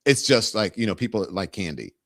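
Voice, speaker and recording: A man's voice: fairly low pitch, sing-song, fairly quick, fairly bright tone, no echo, studio quality. A middle-aged man from the Southern US hosting casual political commentary, rambling and conversational, with many restarts. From Southern United States. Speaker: host.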